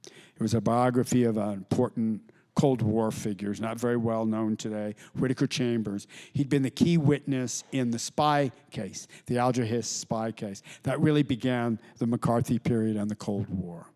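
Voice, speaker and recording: A man's voice: mid-range voice, fairly even intonation, normal speed, mellow. Middle-aged guy telling stories at a talk, lots of restarts, does quoted voices. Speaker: author. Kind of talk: storytelling talk to an audience. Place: lecture hall with audience.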